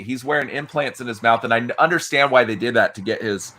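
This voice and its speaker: A man co-hosting a casual podcast chat, joking around and acting out quick impressions as he talks. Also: medium pitch, expressive, a bit bright, a little hiss or hum. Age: adult, father of kids. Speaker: podcast co-host.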